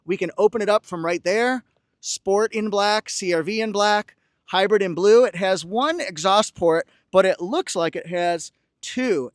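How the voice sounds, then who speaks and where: A man's voice: sits high, dry recording, studio quality. A man doing an upbeat car walkaround review, pointing out features with playful asides and joking song quotes. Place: car dealership lot and car interior.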